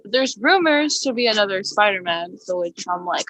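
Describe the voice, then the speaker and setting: A young woman co-hosting a casual podcast chat, animated and full of fillers. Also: mid-range voice, normal speed, a little hiss or hum. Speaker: podcast co-host.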